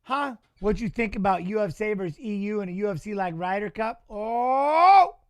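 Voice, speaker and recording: A middle-aged man hosting a fight watch-along, chatting casually and telling animated, swear-laced stories. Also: sits high, a little fast, no room sound, clean studio sound. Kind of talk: casual chat reading live chat.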